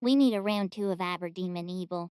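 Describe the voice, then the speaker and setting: A woman's voice: fairly low pitch, fairly quick, a little mellow, smooth. A woman giving casual reaction commentary, giggly and apologetic. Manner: giggly and apologetic, often breaking into laughter. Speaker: YouTube reactor.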